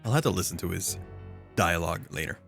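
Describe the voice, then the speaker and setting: A man streaming a game, talking casually in an animated, rambling way with restarts. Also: sits low, fast talker, vocal fry, soft background music. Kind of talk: casual gameplay commentary.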